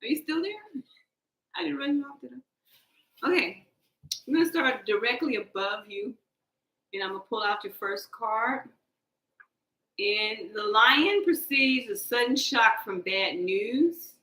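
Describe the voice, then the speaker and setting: A woman with a high, bright voice chats through a casual tarot reading. She is animated and playful, joking and laughing between cards, and her voice rings in an echoey room. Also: unhurried, long pauses. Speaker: tarot card reader.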